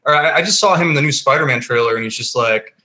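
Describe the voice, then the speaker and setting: A man co-hosting a casual film podcast, griping at length. His voice is bright and tense, at a middle pitch. He talks emphatically, circling back and restarting, with lots of fillers. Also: quick pace. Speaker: podcast co-host. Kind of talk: casual film review chat.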